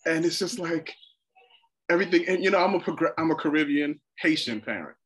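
A man, a father and podcast guest, telling family stories in an expressive, emphatic way. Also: fairly high pitch, a little fast, husky. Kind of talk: casual chat.

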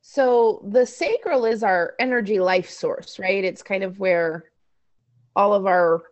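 A woman co-hosting a podcast in casual chat, easygoing and quick to laugh, thinking aloud as she talks. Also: mid-range voice, lo-fi sound. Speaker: podcast co-host.

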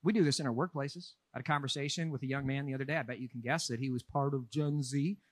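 A man from Minnesota, a pastor, preaching a sermon with animated, joking delivery that swings from quiet asides to shouts. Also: medium pitch, fast talker, no room sound.

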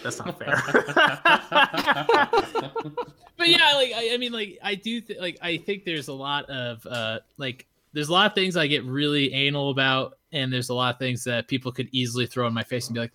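A man telling a story in a casual podcast chat, animated and swearing freely, with lots of fillers. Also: medium pitch, normal speed.

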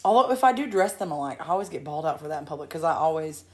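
Give me a chatty, joking young mom with a lilt. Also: female voice, low voice, rapid-fire. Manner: animated, joking, acts out quotes in funny voices. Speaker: podcast co-host. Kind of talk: casual chat.

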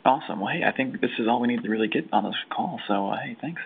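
A man's voice: medium pitch, lively intonation, racing, gravelly, phone-quality sound, a little hiss or hum. A man hosting a podcast who chats casually and upbeat on a test call, with easygoing filler words. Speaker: podcast host.

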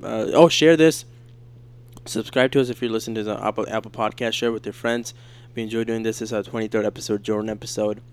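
A man's voice: fairly low pitch, fairly even intonation, fast talker, clean tone. A man hosting a casual podcast with friends, easygoing and agreeable, handling the wrap-up and sign-off. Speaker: podcast host. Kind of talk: casual chat.

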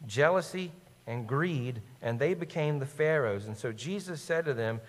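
A man with a fairly high voice preaches a sermon with emphatic, questioning delivery. His words ring out with a long reverb, as in a large hall. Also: lively intonation, normal speed. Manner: emphatic, rhetorical questions, quotes scripture. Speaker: pastor.

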